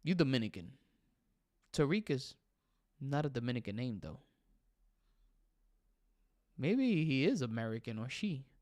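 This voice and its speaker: A man's voice: mid-range voice, big pitch swings, a little slow, pauses often, a little mellow, no room sound, clean studio sound. A young man hosting a casual livestream, chatting with viewers and reading their comments, switching between English and Spanish. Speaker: livestream host.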